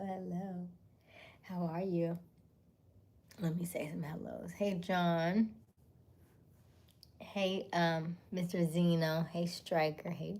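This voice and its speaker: Woman doing a chill livestream chat, slow and easy, says hi to everyone by name, laughs a lot, talks between bites. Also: fairly low pitch, warm tone. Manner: chatty, greets viewers by name; talks while eating dinner. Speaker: livestream host.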